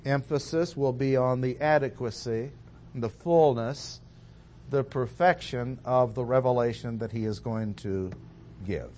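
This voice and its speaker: A man giving an expository Bible lecture, explaining a passage in a measured way and stressing key words. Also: medium pitch, a little mellow, a little hiss or hum. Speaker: Bible teacher.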